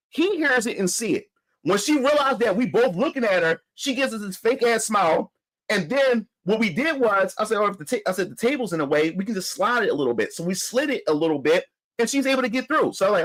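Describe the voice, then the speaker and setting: A young man with a high voice tells a story in casual talk, heated and profane. His pitch swings widely as he stumbles through restarts and acts out both sides of an argument. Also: rough recording. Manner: heated, profane, animated retelling with many restarts. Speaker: channel host.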